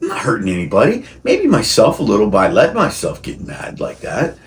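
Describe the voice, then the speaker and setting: A man with a lowish voice talks briskly to camera with few pauses, his pitch swooping wildly. His rambling personal monologue is riddled with restarts and repeated words, and he grows heated and shouty.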